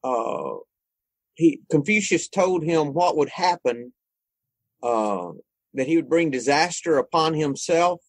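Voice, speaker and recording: A man hosting a casual online group discussion, relaxed and conversational, laughing easily. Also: a little high, slow pace, no echo. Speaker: host.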